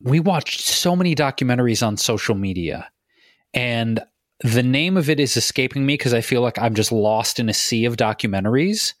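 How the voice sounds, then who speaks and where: A man's voice: medium pitch, animated, normal speed, no room sound, clean studio sound. A man co-hosting a podcast, talking animatedly and bluntly, swearing freely. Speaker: podcast co-host. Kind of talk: casual podcast chat.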